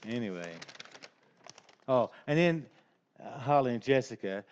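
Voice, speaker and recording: A man's voice: mid-range voice, animated, unhurried, a little mellow, slight background noise. An older man telling a rambling, folksy personal story, chuckling along as he goes. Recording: dull lo-fi recording.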